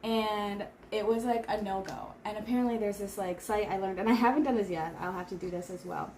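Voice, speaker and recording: A woman's voice: medium pitch, a little fast, darkish tone. Woman in her thirties, casual vlog chat, rambling with fillers, faint background hiss. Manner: chatty, rambling, frequent "like" fillers. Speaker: vlogger. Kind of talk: casual chat while eating. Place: home in Seoul.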